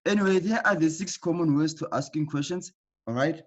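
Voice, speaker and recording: Teacher guy doing an online class, keeps asking okay?, higher voice, muffled audio. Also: brisk. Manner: patient, repeats key points with frequent "okay?" checks. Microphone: computer mic in an online class.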